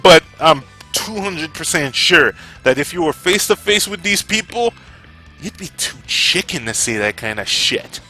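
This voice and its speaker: A man vlogging about gaming in a heated, profane rant that flares up, then calms into casual sign-offs. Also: a little high, moderate pace, soft background music. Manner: heated, profane, gets fired up. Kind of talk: opinion rant to camera.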